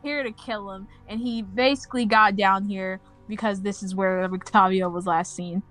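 A woman's voice: medium pitch, steady tone, moderate pace, fairly bright tone, soft background music, low-quality recording. A woman playing in a tabletop game, talking hesitantly with many fillers. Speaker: player. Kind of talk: tabletop role-play chat.

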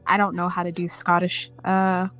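A woman's voice: on the low side, monotone, normal speed, a bit bright, faint music behind, low-quality recording. A woman playing in a tabletop game, talking hesitantly with many fillers. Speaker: player. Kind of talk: tabletop role-play chat.

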